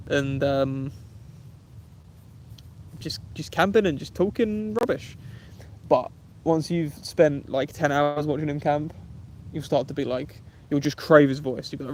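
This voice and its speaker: A man's voice: on the high side, moderate pace, pauses often, darkish tone, a little hiss or hum. A young man, chatting casually on a camping livestream and answering viewers' comments in a laid-back way, calling them mate and bro. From England. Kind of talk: casual live-stream chat reading comments.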